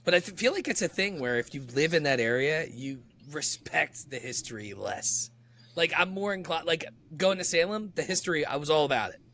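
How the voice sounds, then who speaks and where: Excitable man, lively swooping pitch, bright voice, casual podcast banter. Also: a little fast. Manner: excitable, laughs loudly, curses freely. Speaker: podcast co-host. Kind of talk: casual chat.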